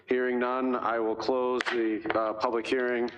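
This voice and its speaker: A man's voice: medium pitch, flat delivery, a little slow, dull audio. A man chairing a public hearing, repeating formal procedural calls. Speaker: board chair.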